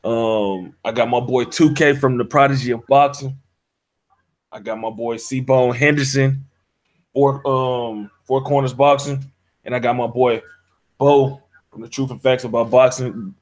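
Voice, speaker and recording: A man's voice: mid-range voice, fairly even intonation, unhurried. A man hosting a casual online hangout, talking loosely in slang with lots of "uh"s, over an online call mic. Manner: loose slangy talk with many "uh"s. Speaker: podcast host.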